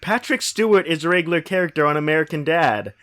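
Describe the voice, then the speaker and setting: Man, higher pitch, very animated, podcast co-host, jokey. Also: fast talker. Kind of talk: casual chat.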